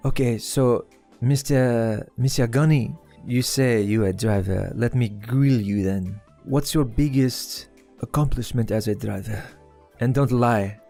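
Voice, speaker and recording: A man voicing a brash male French criminal with a deliberately bad put-on French accent and broken, hesitant English. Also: mid-range voice, gravelly, dark tone, faint music behind. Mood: grilling. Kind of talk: tabletop role-play voice.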